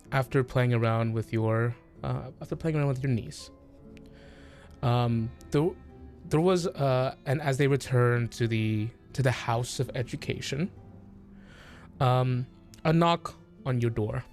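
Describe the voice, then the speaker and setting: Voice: mid-range voice, slow, darkish tone, faint music behind. A game master narrating a tabletop game, hesitant with many fillers and frequent laughter.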